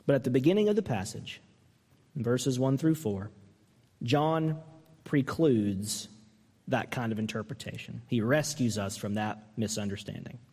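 A man preaching a sermon as pastor, earnest and emphatic, asking the listeners pointed questions and climbing high when he mimics a harsh reading. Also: measured pace, darkish tone, breathy edge, long reverb tail.

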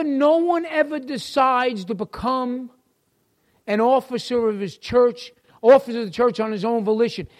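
A middle-aged New Yorker with a very high voice leads a church class like a folksy sermon, calling on listeners by name.

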